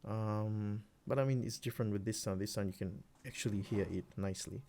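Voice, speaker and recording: Male beatmaker, lower voice, laid-back and rambling, home studio walkthrough, faint clicks behind. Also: a little fast, slight background noise. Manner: relaxed, rambling, many fillers and restarts. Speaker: music producer. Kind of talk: casual screen-recorded tutorial.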